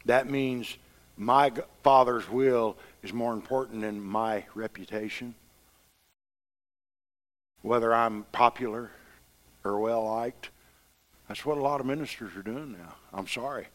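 A man's voice: mid-range voice, a little slow, pauses often. A middle-aged man preaching a sermon, telling homespun stories with rising fervor. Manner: folksy, impassioned storytelling preacher.

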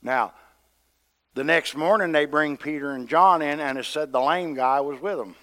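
A man's voice: on the high side, normal speed, sharp tone. A man preaching a sermon to his church in a conversational, storytelling way, acting out what the people in the story say. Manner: conversational storytelling preacher who acts out quotes. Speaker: pastor. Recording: long hall reverb.

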